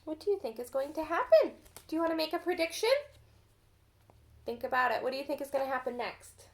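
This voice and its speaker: A woman reading a storybook aloud to children as a teacher, gently pausing to ask them questions. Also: high-pitched, creaky.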